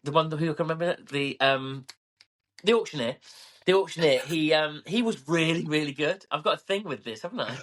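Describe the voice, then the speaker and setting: A man's voice: on the high side, fairly quick, a bit bright. Rambling man telling a story. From family from Scotland. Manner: rambling, hesitant storytelling with many fillers. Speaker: podcast co-host. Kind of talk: casual chat.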